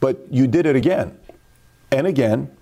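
Man, mellow tone, forceful opinionated talk-show delivery. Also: medium pitch, normal speed, creaky. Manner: emphatic, storytelling with acted quotes.

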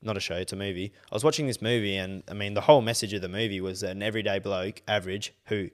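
A young Australian man co-hosting a podcast, chatting casually, swearing a lot and getting loud when worked up. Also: fairly low pitch, fairly even intonation, racing. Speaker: podcast co-host. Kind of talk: casual chat.

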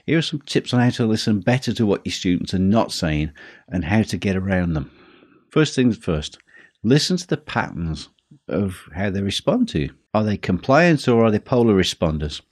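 Deep husky-voiced male podcast teacher. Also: sing-song, darkish tone, no room sound, clean studio sound. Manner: measured, slows down for emphasis. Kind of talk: scripted podcast talk.

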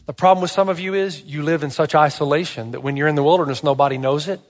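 In a large hall, a male pastor with a fairly high voice talks fast as he preaches. His sermon is full of animated stories and emphatic rhetorical questions.

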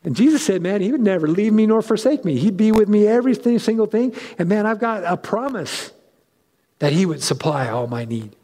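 A man preaching a conversational sermon as pastor, animated and chatty with frequent asides and restarts. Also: high-pitched, fairly quick, in a large hall.

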